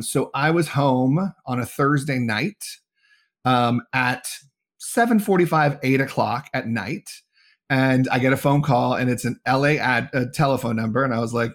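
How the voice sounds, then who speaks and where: Middle-aged male talent agent, lively anecdote teller who acts out the quotes, medium-pitched. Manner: animated, acts out quoted dialogue. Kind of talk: casual storytelling interview.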